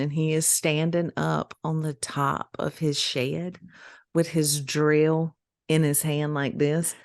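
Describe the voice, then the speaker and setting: A middle-aged woman, co-hosting a podcast and telling a story in casual chat, animated and laughing as she acts out the voices she quotes. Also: deep voice, no echo, clean studio sound. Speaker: podcast co-host.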